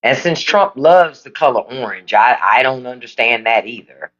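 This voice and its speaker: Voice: mid-range voice, normal speed, muffled recording. A livestream host in casual chat with viewers, reading comments and giving blunt, profane political opinions. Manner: animated, emphatic. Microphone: phone livestream.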